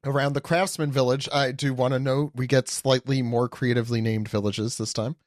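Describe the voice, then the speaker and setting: A man's voice: mid-range voice, fairly even intonation, a little fast, no echo. A man on a podcast recapping a comic chapter, adding dry jokes and playful asides. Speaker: podcast guest.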